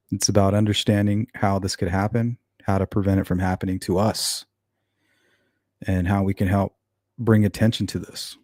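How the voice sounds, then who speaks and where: A man's voice: low-pitched, darkish tone, no room sound, clean studio sound. A man hosting a casual true-crime livestream, reading comments out and answering viewers in a blunt, sarcastic way. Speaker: true-crime channel host.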